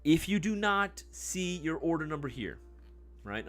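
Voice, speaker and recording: A man's voice: on the high side, big pitch swings, fairly quick, bright, forceful tone. A man hosting a casual livestream giveaway, joking and swearing, talking back to the live chat. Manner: swears loosely; mock ASMR murmur. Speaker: livestream host.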